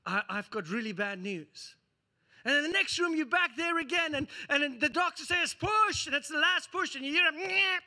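A man preaching a sermon as pastor, telling a story with lively acted-out scenes. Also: very high voice. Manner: animated storytelling, acting out scenes.

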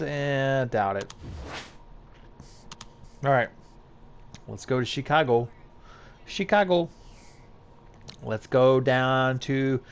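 A man's voice: mid-range voice, slight background noise. A man giving casual gameplay commentary as a YouTuber, hyped and joking at himself. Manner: hyped, self-mocking banter. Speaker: gaming YouTuber.

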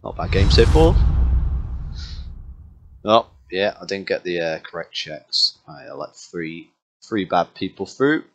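A man's voice: deep voice, big pitch swings, takes it slowly, long pauses, fairly bright tone. A man giving comedic, swearing gameplay commentary in a cocky, mock-tough tone. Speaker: gaming commentator.

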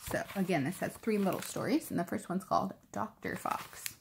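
A woman reading a picture book aloud to preschoolers, gentle and expressive. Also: medium pitch, a little fast, gravelly, background noise. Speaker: preschool storytime reader.

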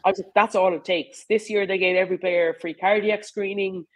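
A woman's voice: medium pitch, steady tone, a little fast, poor audio. An Irish woman, a rugby player, talking casually and animatedly in an interview, with lots of fillers. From Ireland. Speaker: rugby player and coach, guest.

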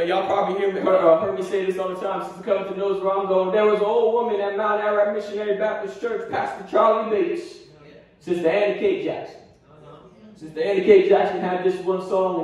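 Male pastor, very high-pitched, fervent call-and-response sermon, captured far off in a reverberant church. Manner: impassioned preaching with repetitions and call-and-response. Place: church sanctuary.

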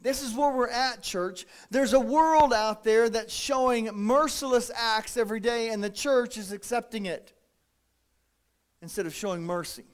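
Man, pastor, sermon, folksy animated delivery, high-pitched voice. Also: moderate pace. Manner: folksy, animated preaching with acted-out quotes.

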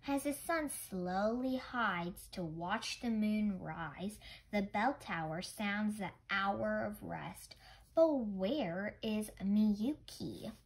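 A woman reading a children's storybook aloud gently and carefully, with occasional stumbles. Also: medium pitch, animated, drawn-out words, creaky, husky, poor audio. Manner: gentle, careful, small misreadings. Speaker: storybook reader.

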